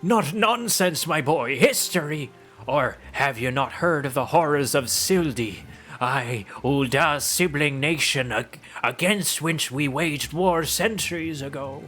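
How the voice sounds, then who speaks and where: A man voicing an old peasant woman who grieves for her son, shrill and scolding, barking "eh?" at the end of lines while reading game dialogue aloud. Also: expressive, measured pace, fairly bright tone, faint music behind. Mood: ominous storytelling. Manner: shrill, scolding, ends lines with a barked 'eh?'.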